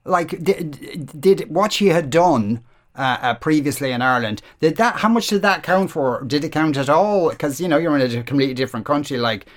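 Interviewer, casual questions, lively swooping intonation. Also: mid-range voice, normal speed. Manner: relaxed, conversational questioning.

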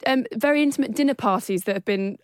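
A woman co-hosting a podcast, talking fast in a brisk, animated way. Her voice sits a little high, and she mimics other people with squeaky put-on voices. The sound is dry and close to the mic. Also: no echo. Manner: quick, animated, acts out quotes in high voices. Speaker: podcast co-host. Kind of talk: casual chat.

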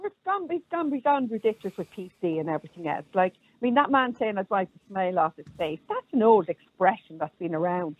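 Husky-voiced Irish woman on a phone line. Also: mid-range voice, big pitch swings, a little fast, few pauses, no room sound. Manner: firm, down-to-earth, matter-of-fact. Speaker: caller. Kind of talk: phone-in call to a radio show.

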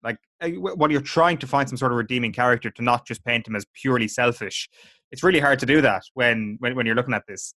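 A man's voice: mid-range voice, fast talker, pushed and bright, dry recording. A man hosting a casual podcast, recapping a TV episode scene by scene and quoting the characters. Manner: chatty, recounts scenes, quotes characters.

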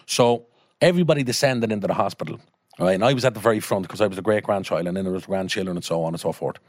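A low-voiced Irish man tells a story with lively energy, cursing freely and acting out the people in it. The sound is dry and close. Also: very fast, dry recording. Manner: animated, swears freely, acts out voices. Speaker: guest storyteller, filmmaker. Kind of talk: casual storytelling.

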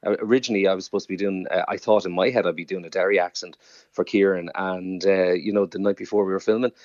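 A man's voice: low-pitched, steady tone, fast talker, darkish tone, no echo, dull audio. A man in his forties with a Waterford Irish accent, chatting as an actor guest on a radio interview. He laughs often, stumbles and repeats words, and pokes fun at himself. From Ireland. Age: 40s. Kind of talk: casual radio interview chat.

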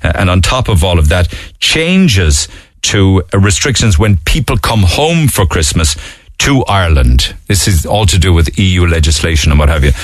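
Cork guy hosting radio, kinda low voice, dry mic, chatty and teasing. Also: sing-song, normal speed, no room sound. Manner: chatty, mocking, laughs easily. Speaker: radio show host. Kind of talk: casual radio chat.

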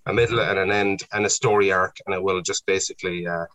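A man's voice: low-pitched, fast, poor audio. A man with an Irish accent, a stand-up comedian chatting casually on a podcast and telling stories. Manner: storytelling, lively anecdotes with acted-out quotes. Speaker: comedian guest.

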